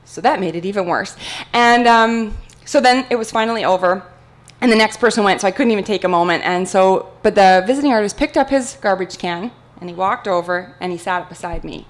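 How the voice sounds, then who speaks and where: A woman's voice: mid-range voice, fairly quick. Chatty woman telling a story onstage. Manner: chatty, animated storytelling with fillers. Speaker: guest speaker at an art talk. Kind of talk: personal storytelling talk.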